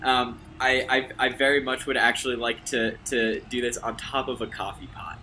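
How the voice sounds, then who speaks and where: A man's voice: medium pitch, level tone, normal speed, very noisy. A man playing a tabletop game, talking casually with eager, hesitant restarts. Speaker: player.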